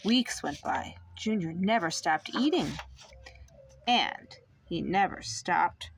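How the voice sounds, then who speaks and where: A young mother reading a picture book aloud to her child, in an expressive, sing-song way. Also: lowish voice, slow pace, gravelly, a little hiss or hum.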